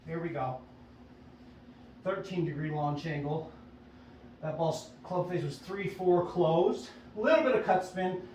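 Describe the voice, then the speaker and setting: A man's voice: fairly high pitch, a little slow, pauses often, a little mellow, roomy sound, distant mic, a little hiss or hum, low-quality recording. A man, a golf instructor, coaching casually and upbeat at a driving range, often checking in with "right?". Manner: upbeat, chatty, self-coaching with frequent "right?".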